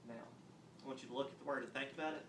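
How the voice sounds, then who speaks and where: A man teaching a phonics lesson on video, explaining step by step and clapping out words slowly. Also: medium pitch, steady tone, fairly bright tone, a little hiss or hum. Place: classroom. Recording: roomy echo, mic at a distance, faint ambience.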